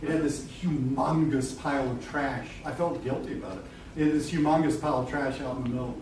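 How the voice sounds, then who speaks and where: A middle-aged man giving a live seminar talk to an audience. He is animated and blunt, laughs often and swears casually. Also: medium pitch, a little fast. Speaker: marketing coach presenting a seminar. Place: event room with a live audience. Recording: echoey room from a distance, noisy.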